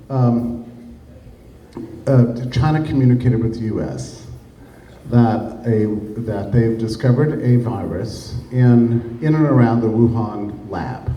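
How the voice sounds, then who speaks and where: A man's voice: medium pitch, warm tone. A man giving a public talk in an emphatic, sarcastic way, with rhetorical asides to his audience. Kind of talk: public lecture. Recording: echoey room, heard from a distance, faint noise.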